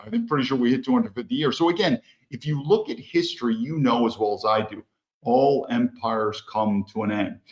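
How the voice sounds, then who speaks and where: A man hosts his own show with a solo commentary that wanders and circles back. He leans hard on key words and often restarts his sentences. His voice sits in a plain middle range and sounds a little muffled in a reverberant room. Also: medium pitch. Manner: rambling, emphatic, frequent restarts. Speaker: podcast host. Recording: roomy, slightly dull audio.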